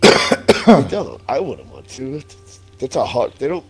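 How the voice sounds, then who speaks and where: A streamer in his forties chats casually while gaming, telling stories full of swearing and laughter. His mid-range voice has big pitch swings and a measured pace, heard over music.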